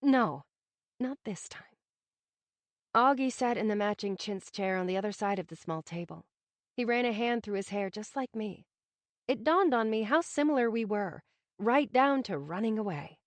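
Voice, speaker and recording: Expressive woman narrating an audiobook. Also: medium pitch, normal speed, no room sound. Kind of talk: scripted first-person narration.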